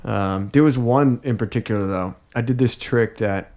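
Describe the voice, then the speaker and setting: A man, a magician guest on a podcast, telling stories in a playful, animated way. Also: medium pitch. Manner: animated storyteller, playful, quick to laugh. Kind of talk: casual podcast chat.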